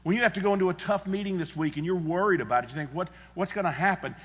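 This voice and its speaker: A man's voice: sits high, animated, very fast, long reverb tail. A male pastor preaching a sermon in a church, earnest and emphatic, repeating his key phrases. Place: church sanctuary.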